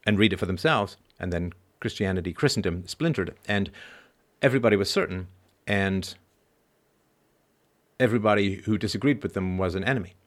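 A man's voice: low voice, a little fast. A middle-aged man hosting a show, talking through ideas in a discursive, emphatic monologue and checking in with frequent tag questions. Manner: discursive, emphatic, constant "right?" tags. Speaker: podcast host. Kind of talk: philosophical monologue.

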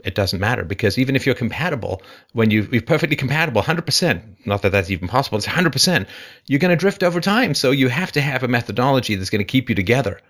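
A man hosts a call-in advice show, speaking quickly and emphatically. He fires off rhetorical questions while his pitch swings in lively ways.

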